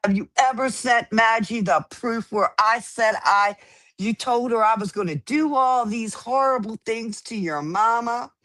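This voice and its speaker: A woman's voice: fairly high pitch, unhurried, a bit bright. A woman speaking indignantly on a livestream, accusing someone and repeating her points emphatically. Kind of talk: heated argument on a livestream.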